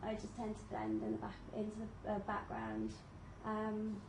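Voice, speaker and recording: A woman, a medical student, giving a reflective, hesitant presentation with many pauses and ums. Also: medium pitch, sing-song. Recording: echoey room with audible noise.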